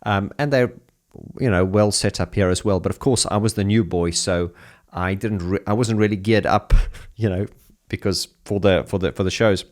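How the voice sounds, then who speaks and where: A man, a keyboard player, telling an anecdote in an animated, chatty way and laughing as he goes. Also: on the low side, moderate pace.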